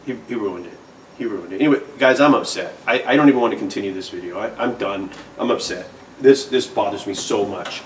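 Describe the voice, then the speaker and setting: A man's voice: fairly low pitch, a little fast, recorded from a distance, a little hiss or hum. A man hosting a guitar channel, complaining in a satirical mock-outraged rant to the camera. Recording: roomy sound from off-mic.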